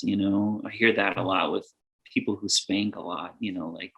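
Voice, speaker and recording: Middle-aged man, podcast guest, earnest and rambling, quick to laugh. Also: lowish voice. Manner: rambling, earnest, lots of fillers; laughs often while talking. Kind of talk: casual podcast conversation.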